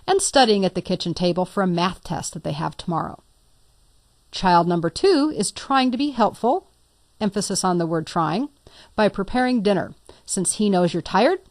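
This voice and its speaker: Walking through a computer tutorial one step at a time, a woman teacher sounds patient and lightly playful in this screen recording. She speaks at a medium pitch in studio-quality audio with no echo.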